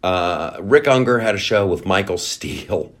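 A man hosting his own show, ranting and telling a story with jokes, swearing freely and laughing as he talks. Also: normal speed. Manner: animated, swings to high excited pitch when storytelling. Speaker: show host. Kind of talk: comedic rant.

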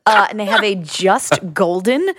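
A woman's voice: mid-range voice, expressive, a little slow, a bit bright, dry recording, studio quality. Upbeat woman co-hosting a chat. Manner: upbeat, enthusiastic. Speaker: co-host. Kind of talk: casual chat.

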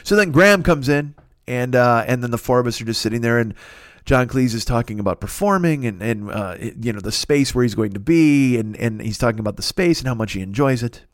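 A man hosting a comedy podcast, telling a story in a profane, animated way and acting out the people in it. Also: medium pitch, a little fast, dry recording, studio quality. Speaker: podcast host.

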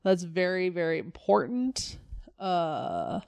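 A woman's voice: on the low side, slow, creaky. Wry woman co-hosting a podcast. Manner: wry, deadpan, joking asides. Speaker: podcast co-host. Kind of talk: casual comic chat.

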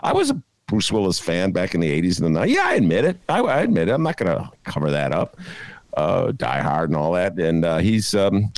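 A man hosting a comic talk podcast, rambling and excitable, often laughing at his own jokes. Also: low-pitched, fairly quick, no room sound. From Chicago. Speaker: podcast host. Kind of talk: casual comic talk show. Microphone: video call.

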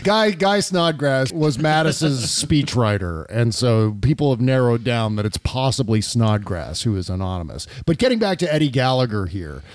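A man's voice: medium pitch, sing-song, normal speed, hardly any pauses, no room sound. Blunt, dry-voiced man hosting talk. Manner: blunt, profane, with frequent filler "uh". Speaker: podcast host. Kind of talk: casual political chat.

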